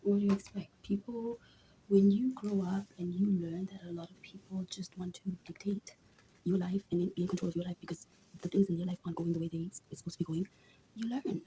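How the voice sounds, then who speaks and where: A woman's voice: lowish voice, fairly even intonation, a little fast, warm tone, a little hiss or hum, low-quality recording. A woman vlogger venting casually to the camera, blunt and full of rhetorical questions, repeating points for emphasis.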